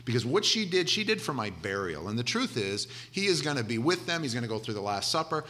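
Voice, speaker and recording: Man, preacher, conversational sermon, bright forceful tone, animated storytelling. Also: medium pitch, fast. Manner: conversational and animated, acting out voices of disciples.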